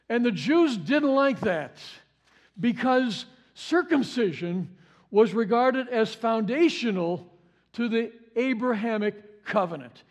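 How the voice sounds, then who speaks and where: A man preaching a sermon, stressing and repeating key phrases for effect. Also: high voice. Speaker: pastor.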